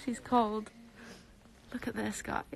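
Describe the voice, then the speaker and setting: A woman's voice: fairly high pitch, little pitch movement, slow pace, gravelly, breathy edge. Giddy woman on a live stream. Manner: breathless, giddy, squealing, repeats herself. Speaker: social media creator on a live stream. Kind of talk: excited live-stream chat. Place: bedroom at home.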